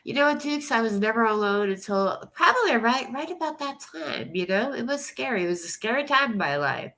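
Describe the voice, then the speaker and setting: A bright-voiced woman talks slowly to her livestream chat, tearful and rambling. Her pitch swings widely as she laughs through her crying. She sits a little higher in pitch than most women. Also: very animated.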